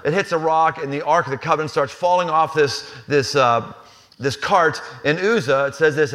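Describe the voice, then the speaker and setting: A man's voice: a little high, moderate pace, a bit bright. A man preaching a live sermon in a casual, humorous way, often acting out the people in the story. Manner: conversational, humorous, acts out scenes. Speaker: pastor. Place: live church venue.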